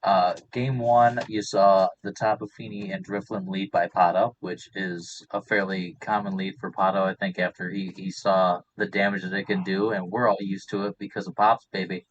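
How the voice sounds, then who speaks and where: A man co-hosting a stream, walking through a match recap step by step with many filler pauses. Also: deep voice, level tone, dull audio, slight background noise. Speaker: draft league recap co-host. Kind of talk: casual play-by-play recap.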